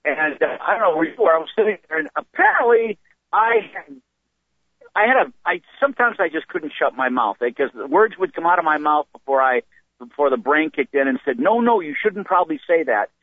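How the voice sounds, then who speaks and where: A man's voice: a little high, fairly quick, dry recording, narrow, tinny audio. A male comedian telling funny stories from his life in a casual chat, acting out the voices of the people in them. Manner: animated storyteller who acts out voices. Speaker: comedian guest.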